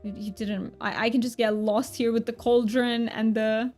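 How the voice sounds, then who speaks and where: A woman's voice: fairly high pitch, soft background music. A woman streaming a game, chatting casually with her party and gushing with delight. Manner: chatty, excitable, quick gasps of delight. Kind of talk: casual live-stream chat while gaming.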